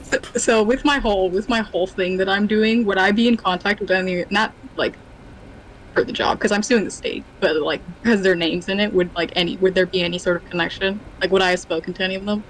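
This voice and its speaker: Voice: medium pitch, steady tone, fairly bright tone, a little hiss or hum, low-quality recording. A casual tabletop player who asks the game master a string of questions. The speech is loose and full of fillers, tumbling from one question to the next. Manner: quick questions, filler-heavy.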